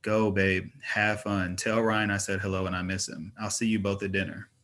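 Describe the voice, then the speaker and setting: A man's voice: sits low, flat delivery, normal speed, fairly bright tone. Brief: young father, playful, mock-stern, juggling kids, voiced by a male reader. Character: twenty-year-old father, joking and flustered.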